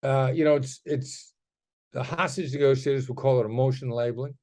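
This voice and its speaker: A man's voice: mid-range voice, fairly even intonation, fairly quick, warm tone. A middle-aged man speaking as a guest in a podcast interview, explaining ideas conversationally and acting out tones of voice in his examples. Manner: demonstrative, acts out tone shifts in examples. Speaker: guest, negotiation expert.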